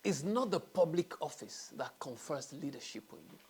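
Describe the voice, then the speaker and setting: A man's voice: a little high, big pitch swings, normal speed, few pauses, husky. A man hosting a talk show, delivering an earnest monologue that repeats its key phrases and sinks to a whisper for emphasis. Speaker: host.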